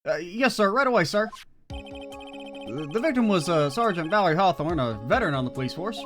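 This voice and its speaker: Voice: mid-range voice, animated, fairly quick, over music, pitched above the performer's own voice, natural voice. A let's player voicing a bumbling, nervous male detective who stammers and hesitates.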